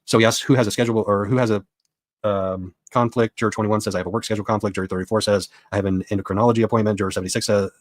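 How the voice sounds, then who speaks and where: A man's voice: lowish voice, fairly even intonation, very fast, no room sound. A man giving a casual spoken recap of a court session as a reporter, retelling what was said with quoted dialogue.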